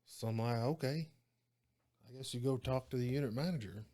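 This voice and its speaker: A man with a drawl spins stories as a podcast guest, salty and loose with his swearing. He talks in a relaxed, conversational way and acts out the people he quotes, his voice rising when things get heated. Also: mid-range voice, fairly quick. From Oklahoma. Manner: profane, animated storytelling with quoted dialogue. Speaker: guest, former prison guard. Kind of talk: casual storytelling interview.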